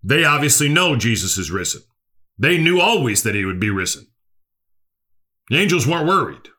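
A man's voice: medium pitch, very animated, moderate pace, pushed and bright. A male preacher, delivering an earnest sermon that repeats key phrases and asks the listeners questions.

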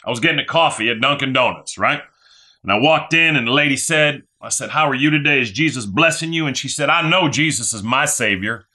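A man's voice: mid-range voice, brisk, sharp tone. A man preaching a sermon as a pastor, fervent and repetitive, often tagging his points with "right?" and "okay?". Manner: fervent preaching, repeats phrases, asks "right?".

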